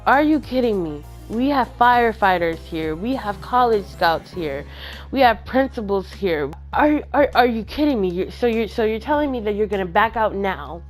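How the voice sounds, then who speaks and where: A woman's voice: medium pitch, expressive, moderate pace, faint music behind, close to an everyday voice. A woman voicing her insistent, encouraging female teacher, who pleads and persuades in a retold story. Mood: urging.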